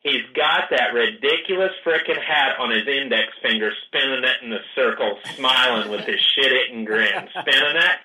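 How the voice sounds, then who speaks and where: Man, storyteller, crisp bright tone, animated quoted dialogue. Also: mid-range voice, normal speed, few pauses, poor audio. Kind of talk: casual storytelling.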